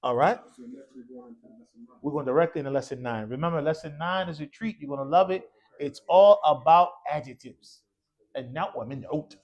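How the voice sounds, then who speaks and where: Man quizzing his class in a lively call-and-response. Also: a little high, moderate pace. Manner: quizzing the class with "what?" prompts; casual, encouraging. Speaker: Arabic teacher. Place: mosque classroom.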